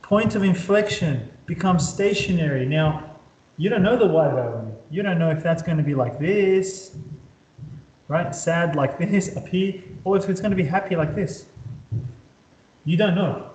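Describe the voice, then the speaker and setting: A man with a slightly high voice, teaching a maths class in an upbeat way. He keeps checking in with the students, and his voice rings around a bare, echoey room. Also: a little slow, darkish tone. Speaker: maths tutor. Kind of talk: whiteboard maths lesson.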